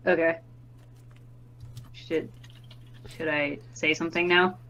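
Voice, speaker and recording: A woman's voice: low voice, little pitch movement, takes it slowly, fairly bright tone, muffled recording. A woman playing in a tabletop game, chatting casually with many fillers and giggles. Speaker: player. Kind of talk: casual chat.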